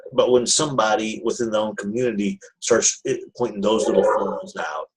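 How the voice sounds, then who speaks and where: Low-voiced man, blunt and dry. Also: low-quality recording. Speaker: podcast co-host. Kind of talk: casual chat.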